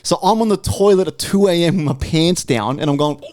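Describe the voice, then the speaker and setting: A man's voice: fairly high pitch, a little fast, darkish tone, no room sound, clean studio sound. A young Australian man hosting a podcast, telling a long story in casual, swearing chat. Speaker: podcast host.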